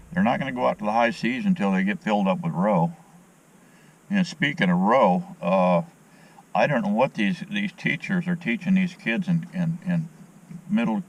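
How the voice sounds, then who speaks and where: A fishing vlogger, a middle-aged man with a low voice, rambles to the camera on a handheld phone while fishing off a dock outdoors. He's folksy and opinionated with many fillers, and the recording sounds muffled.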